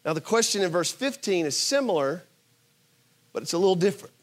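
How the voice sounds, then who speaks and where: A man preaching a sermon. He is emphatic, swings between loud bursts and quiet asides, and asks his listeners rhetorical questions. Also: high voice, expressive, a little fast. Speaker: pastor.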